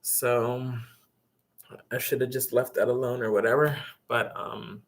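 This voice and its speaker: A man's voice: mid-range voice, little pitch movement, measured pace. Rambling young man telling a story. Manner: rambling, filler-heavy, exasperated retelling. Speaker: vlogger. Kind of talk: casual storytime.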